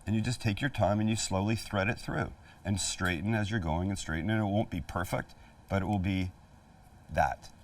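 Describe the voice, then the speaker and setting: A man's voice: fairly low pitch, normal speed. A middle-aged man hosting a casual cooking demonstration, chatty and joking as he talks the viewer through each step. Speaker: cooking show host. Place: outdoor kitchen at a flat-top grill. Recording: voice a little far from the mic, faint sizzle. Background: sizzling food on the grill.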